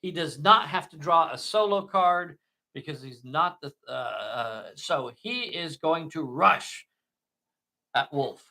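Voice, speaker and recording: A man who is not a native English speaker narrates a tabletop miniatures game with slow, dramatic play-by-play. His voice is a little high, animated and creaky, with a pushed, bright quality.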